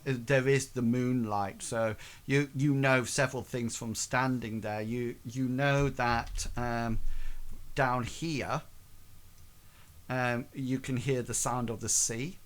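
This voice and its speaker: Game master, male, mid-pitched, halting delivery full of restarts. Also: fairly even intonation. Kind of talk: narrating a tabletop game.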